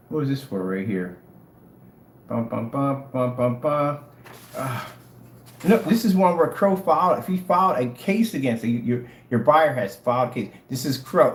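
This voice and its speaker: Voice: medium pitch, sing-song, normal speed. A channel host in a casual rant to the camera, taunting and mocking. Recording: echoey room, faint noise.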